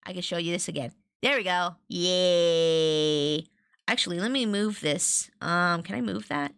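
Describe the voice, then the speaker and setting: A woman streaming a farming game, chatting casually and getting excitable and squealy over every find. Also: on the low side, brisk, gravelly. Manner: bubbly, excitable, squeals at finds. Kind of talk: casual gameplay stream chat.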